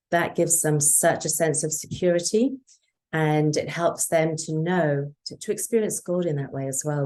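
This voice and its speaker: A woman's voice: low voice, a little mellow. A woman guest in an interview, talking earnestly about parenting and acting out quoted dialogue. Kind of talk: conversational interview.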